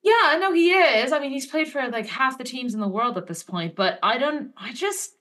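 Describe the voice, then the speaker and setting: A woman's voice: high voice, expressive, normal speed, a bit bright. A woman guest on a football podcast who thinks aloud, hesitating with lots of likes and restarts. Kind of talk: casual football podcast debate.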